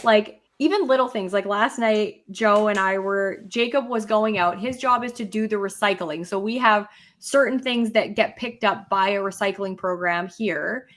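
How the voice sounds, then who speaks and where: A woman's voice: mid-range voice, normal speed, fairly bright tone. A young woman co-hosting a casual podcast chat, telling stories with animation and acting out quarrels with a rising voice. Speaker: podcast co-host.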